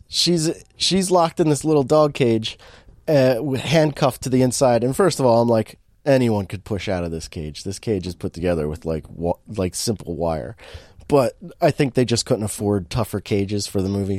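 A man's voice: mid-range voice, moderate pace, a little mellow, dry recording. A man giving a rambling, sarcastic recap of a movie, with many fillers and acted quotes.

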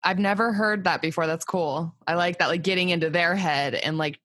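A woman's voice: on the low side, steady tone, a little fast, fairly bright tone, dry recording. A woman guest therapist on a podcast, speaking thoughtfully in casual chat with a lot of "like" fillers. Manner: thoughtful, frequent "like", laughs easily.

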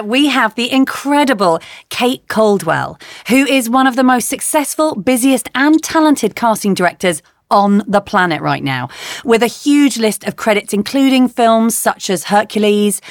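A woman's voice: mid-range voice, dry recording. Woman podcast host, effusive and upbeat, dry close-mic sound. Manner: enthusiastic, effusive praise. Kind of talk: interview podcast.

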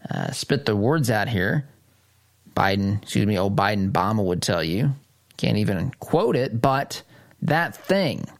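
Male talk radio host, political monologue, sarcastic, mocking, mid-pitched voice.

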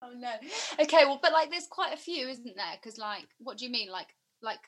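A woman's voice: a little high, animated, fairly quick. A young woman in her twenties chatting as an interview guest, rambling with many fillers. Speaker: guest musician and actor. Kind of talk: casual interview chat.

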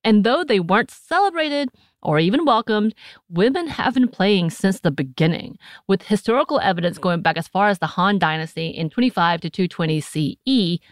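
A woman's voice: mid-range voice, moderate pace, no room sound, studio quality. Chatty American woman laughing through a podcast. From United States. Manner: chatty and animated, often laughing, breaks into put-on voices. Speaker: podcast co-host. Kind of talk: casual chat.

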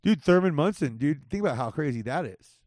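A man's voice: fairly high pitch, lively intonation, a little fast, over a noisy crowd. A man hosting a casual podcast, joking and swearing loosely as he banters with a friend. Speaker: podcast host.

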